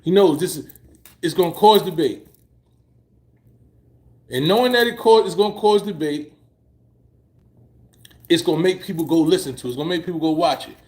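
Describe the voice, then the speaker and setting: Male vlogger, high voice, emphatic and profane, casual opinion riff. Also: normal speed, long pauses, a little mellow. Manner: emphatic, repetitive and profane, drifting high when he presses a point. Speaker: vlogger reacting to a halftime show.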